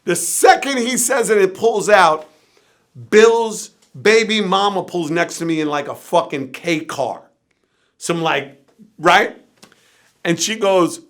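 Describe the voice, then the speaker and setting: A man as an interview guest, telling a wild, profane anecdote with animated energy that drops at times to a low, tired murmur. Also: unhurried. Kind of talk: storytelling in an interview.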